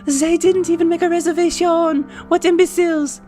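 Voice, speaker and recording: A man voicing a snooty, theatrical old male French restaurant host in a dating sim, with a deliberately bad put-on French accent. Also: sits high, soft background music, lightly acted. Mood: hammy. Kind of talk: dating sim let's play.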